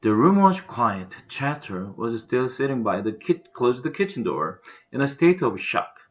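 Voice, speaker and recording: A man with a Korean accent, an English teacher reading a children's novel aloud in an expressive, animated way, on a dull lo-fi recording. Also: mid-range voice, moderate pace.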